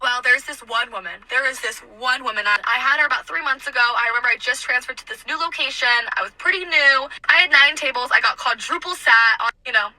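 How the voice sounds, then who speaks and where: A woman's voice: high-pitched, quick pace, hardly any pauses, pushed and bright, low-quality recording. A woman in her twenties, a waitress, telling her own story casually and acting out the other people's voices.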